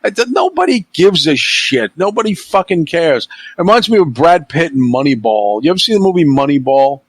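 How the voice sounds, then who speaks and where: A man's voice: a little high, sing-song, a little fast, breathy edge, dry recording, rough recording. A middle-aged man hosting a podcast in casual chat, blunt and opinionated, swearing freely. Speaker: podcast host.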